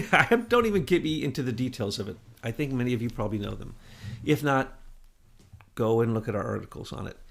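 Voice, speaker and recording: A man giving impassioned political commentary as co-host, with loud, emphatic bursts that rise and fall. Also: mid-range voice.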